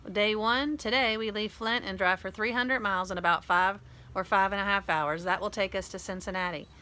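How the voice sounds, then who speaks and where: A woman's voice: mid-range voice, steady tone, a little fast, pushed and bright, natural voice. A woman reading a storybook aloud, voicing a practical mother of three who lays out a trip plan in an orderly way. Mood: matter-of-fact.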